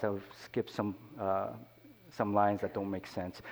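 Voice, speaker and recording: A man's voice: on the low side, unhurried, darkish tone. A man, a pastor, preaching a sermon in a conversational way, with many "you know" asides. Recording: long hall reverb.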